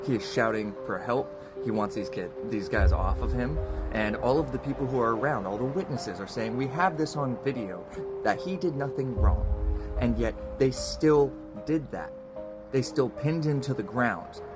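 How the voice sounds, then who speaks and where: A man in casual reaction commentary, his indignation building as he repeats himself for emphasis. His mid-range voice sits on top of a loud music bed that never drops away. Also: mid-range voice, normal speed.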